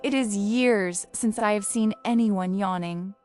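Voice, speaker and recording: A pompous but good-hearted king who turns every remark into a royal order, played by a woman reading a storybook. He speaks in a stately, commanding way at a middle pitch, and soft music plays behind him. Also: measured pace, lightly acted. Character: pompous male king, absolute yet kindly.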